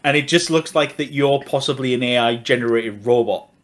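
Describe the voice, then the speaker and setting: A man's voice: mid-range voice, a little fast. A middle-aged man, co-hosting a casual podcast chat and laughing often between phrases. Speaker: podcast co-host.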